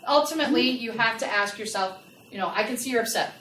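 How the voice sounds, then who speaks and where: A woman giving a lively customer service training talk to a live audience and asking them questions. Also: fairly high pitch, fast. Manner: animated, asks the audience questions. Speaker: workplace trainer. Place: large room with a live audience. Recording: echoey room, from a distance, faint noise.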